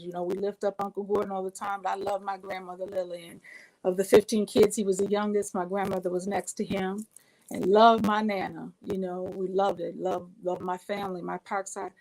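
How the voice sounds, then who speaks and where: Speaking at a normal pace in a flat, medium-pitched voice, a woman from Minnesota shares family stories as an interview guest. She's warm and eager, repeatedly starting over mid-thought, and the audio is low quality.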